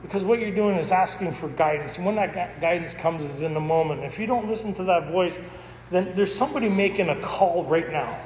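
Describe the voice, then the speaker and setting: At a recovery roundup, a man tells personal stories to the audience, candid and jokey, laughing often as he goes. His voice sits high with a darkish tone and a fairly quick pace. The echoey hall gives a long reverb, and there's slight background noise.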